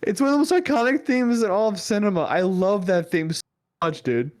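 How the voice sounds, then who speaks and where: A man's voice: high voice, a little fast. A young man co-hosting a casual podcast chat, trading teasing jabs with his friend. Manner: teasing, playful banter. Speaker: podcast co-host.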